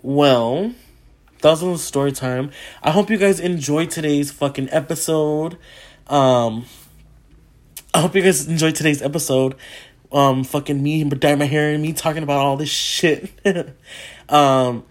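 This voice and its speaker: Excitable, foul-mouthed man telling a story. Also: fairly high pitch, unhurried, long pauses. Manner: acts out quotes with gasps and laughter. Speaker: vlogger. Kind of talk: casual story time.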